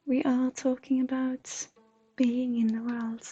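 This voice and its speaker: A high, breathy woman talks gently to her live stream viewers, often sinking into a near whisper. Her voice is soft and mellow, and faint music plays behind her. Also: little pitch movement, takes it slowly, highs cut off. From Sweden. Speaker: intuitive counselor and streamer.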